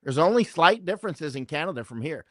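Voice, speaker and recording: A man's voice: on the high side, very animated, fast talker, fairly bright tone, dry recording, studio quality. A middle-aged man talking as an interview guest, rambling and emphatic, often checking in with "right?". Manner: rambling, keeps asking "right?". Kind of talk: conversational interview talk.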